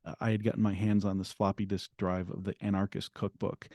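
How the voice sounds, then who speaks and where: A middle-aged man, a guest author, telling his story in an interview in an earnest, halting way with frequent restarts. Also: lowish voice, flat delivery, darkish tone, dry recording, studio quality.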